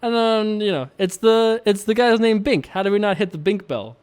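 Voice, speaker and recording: A playful young man talks through his poker hands in a relaxed, chatty way. He laughs a lot between thoughts. His voice sits a bit high and sounds smooth and clean. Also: normal speed. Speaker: poker video host. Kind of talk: casual poker commentary.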